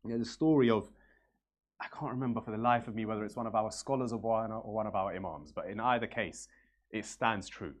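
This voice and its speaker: A man's voice: lowish voice, brisk. A man preaching from the pulpit, telling stories and repeating phrases for emphasis in an earnest way. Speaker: religious speaker. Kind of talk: sermon storytelling.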